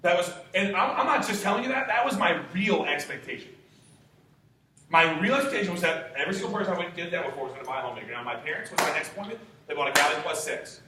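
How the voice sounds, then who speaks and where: A man's voice: expressive, very fast, bright, forceful tone. Enthusiastic young man in an echoey room. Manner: enthusiastic, high-energy storytelling. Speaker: sales trainer. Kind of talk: motivational talk to a room. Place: meeting room. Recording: echoey room from far off, faint noise.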